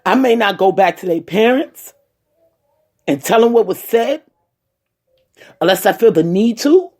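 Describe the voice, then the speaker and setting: Slow, husky woman speaking earnestly. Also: mid-range voice, expressive, darkish tone. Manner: emphatic, repeats key points, speaks directly to listeners. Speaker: personal storyteller addressing viewers. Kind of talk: heartfelt personal talk.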